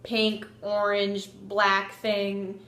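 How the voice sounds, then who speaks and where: A young woman telling a story in a casual vlog, animated, swearing freely and saying "like" a lot. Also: mid-range voice, very slow, reverberant. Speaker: vlogger.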